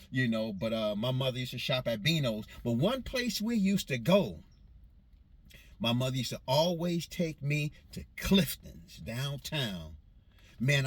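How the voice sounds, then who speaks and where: A man's voice: mid-range voice, fairly bright tone, husky, no echo. Man from Los Angeles reminiscing loosely. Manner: meandering, self-correcting recollection in a loose vernacular. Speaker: storyteller recounting his childhood. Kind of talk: casual spoken memoir.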